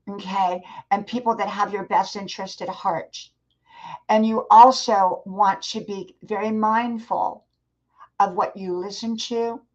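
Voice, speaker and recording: An older woman speaks to her live-stream viewers with earnest, advising warmth, her voice sitting at an ordinary middle pitch. She talks straight to the chat. The audio is dull and lo-fi, like stream sound. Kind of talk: motivational live stream talk.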